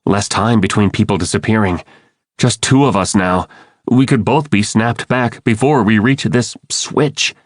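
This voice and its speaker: A man's voice: lowish voice, a little slow, no room sound, clean studio sound, close to an everyday voice. A man voicing a tense teenage boy who leads the group with clipped orders, in an audiobook. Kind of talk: audiobook character voice.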